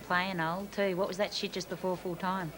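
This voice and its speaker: A woman playing a sharp-tongued Aussie barmaid. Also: lowish voice, little pitch movement, moderate pace, noisy background, lightly acted. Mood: needling. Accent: Australian. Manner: sharp, needling, blunt. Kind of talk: film drama acting.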